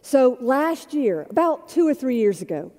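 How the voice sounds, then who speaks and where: A woman pastor delivers a sermon in a chatty, storytelling manner, dropping low and quiet, then rising loud. Her voice is fairly high and mellow, carried by the long reverb of a large hall. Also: sing-song, a little slow. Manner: conversational storytelling, shifting between soft and loud.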